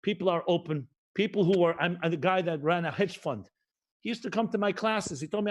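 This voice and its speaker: A middle-aged man from the United States, a rabbi giving a livestreamed sermon, who repeats key phrases and slows down to stress them. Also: sits high. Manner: emphatic, repetitive cadence, mixes Hebrew and Yiddish terms.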